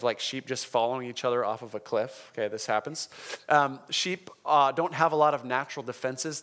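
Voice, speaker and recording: A man preaching a sermon in a conversational, emphatic way, often slowing down to stress key words. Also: fairly high pitch, a bit bright. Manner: conversational, emphatic, checks in with the congregation. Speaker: pastor.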